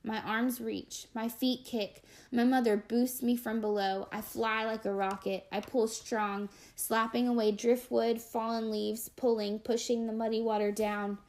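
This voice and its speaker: A woman reading an audiobook in the first person, telling the story expressively with dramatic, measured pauses. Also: on the high side, level tone, a little mellow. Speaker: audiobook narrator.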